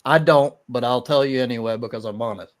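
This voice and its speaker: A man's voice: mid-range voice, fast. A man talking casually in a live-stream debate, hesitant and full of restarts, defending his view with a dry laugh now and then. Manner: hesitant, many restarts and fillers, laughs at the idea of souls.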